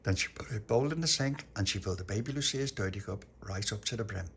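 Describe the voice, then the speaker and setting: A man telling a homemade bedtime story in a playful way, sometimes slipping into squeaky character voices. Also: fast talker, slight background noise.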